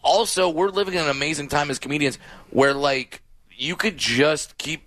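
A man's voice: on the high side, moderate pace, fairly bright tone, no echo. A man, a comedian, chatting as a guest in an interview, telling stories with lots of restarts. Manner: rambling storyteller, many restarts and laughs. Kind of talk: casual interview chat.

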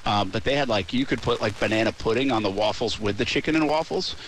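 A man's voice: on the low side, fast, a bit bright, a little hiss or hum. A man hosting a sports radio show in casual chat, talking in a rambling, easygoing way with lots of fillers from outdoors at a ballpark.

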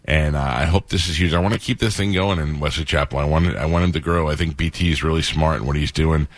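Deep-voiced male radio host, dry sound. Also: fast talker, dry recording. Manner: animated storyteller, gets heated retelling. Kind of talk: casual radio banter.

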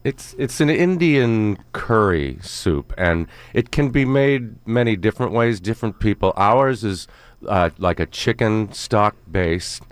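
A man appearing as a guest actor in a radio interview, speaking in a halting way with frequent restarts. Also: on the low side, expressive, clean tone, no echo. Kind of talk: casual interview chat.

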